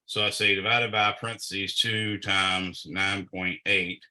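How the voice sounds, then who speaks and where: Male physics tutor, low and bright-toned, unhurried, methodical, talking through the math aloud. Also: level tone, low-quality recording. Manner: slow and methodical, thinking aloud with fillers. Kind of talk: working through a problem aloud.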